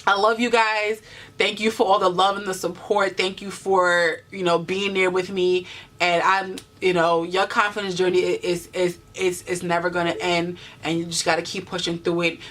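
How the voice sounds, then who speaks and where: A woman's voice: on the low side, little pitch movement, moderate pace, fairly bright tone. A woman in her twenties talking earnestly to camera in a vlog, encouraging her viewers with many "you know" fillers. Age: 20s. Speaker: vlogger. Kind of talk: heartfelt talk to camera.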